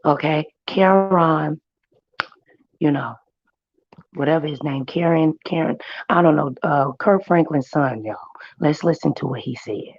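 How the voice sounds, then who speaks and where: A woman host who has lost her voice, hoarsely chatting with her viewers and greeting them by name. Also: low-pitched, a little slow, darkish tone, no room sound. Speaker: livestream commentary host. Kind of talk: casual chat. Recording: dry, muffled stream audio.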